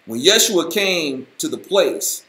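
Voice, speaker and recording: A man hosting a casual Bible study, talking in an animated, folksy, slangy way. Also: a little high, takes it slowly, reverberant. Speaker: host, Bible teacher.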